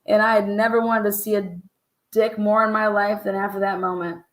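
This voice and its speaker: A woman's voice: mid-range voice, little pitch movement, a little fast, echoey room. A woman host giving mocking, profane reaction commentary, swearing and laughing in disbelief. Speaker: podcast host reacting to a clip.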